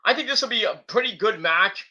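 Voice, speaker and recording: A man's voice: high voice, expressive, a little fast, sharp tone, highs cut off. A man hosting a casual wrestling predictions show, rambling off the cuff with cursing and mocking nicknames. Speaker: host.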